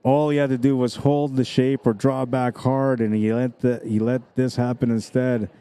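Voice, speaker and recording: A man commentating a pool match on a live stream, explaining shot angles and easily excited by big shots. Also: medium pitch, normal speed, clear, resonant tone. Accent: Canadian. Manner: excitable, breaks into screams and laughs at exciting shots.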